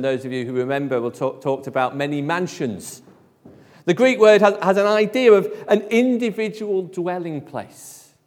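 High-voiced preacher in a reverberant hall. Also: male voice. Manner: emphatic, drops to a hush at phrase ends. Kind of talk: sermon.

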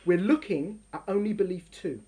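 A middle-aged woman teaching a lesson in an emphatic, animated way, full of rhetorical questions. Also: medium pitch, moderate pace. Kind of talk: lively classroom lesson.

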